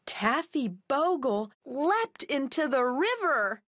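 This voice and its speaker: Woman storyteller for a picture book: high, animated, unhurried read-aloud. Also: no echo, studio quality. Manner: slow, expressive, clearly paced.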